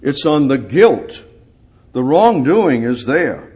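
A man preaching a sermon in a halting way, repeating phrases for emphasis, rising on key words and then dropping low. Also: very animated, darkish tone.

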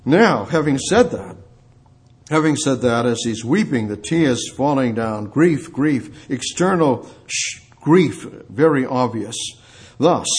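A man preaching a sermon who repeats his words and swings from quiet asides to loud, impassioned peaks. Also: mid-range voice, animated, slow.

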